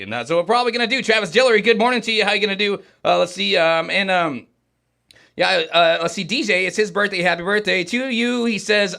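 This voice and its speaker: Male studio host, quick chatty rambler, slightly high voice, bright tone. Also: creaky. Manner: rambling, chatty, many fillers and restarts. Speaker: podcast host. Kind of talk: casual livestream chat. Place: recording studio.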